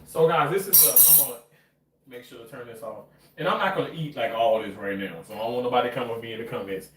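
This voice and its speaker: Talking fast at a medium pitch, a male cooking vlogger chats his way through a home-cooked dish, wandering off topic and swearing casually. The kitchen echoes, his voice is distant and off-mic, and there's faint noise.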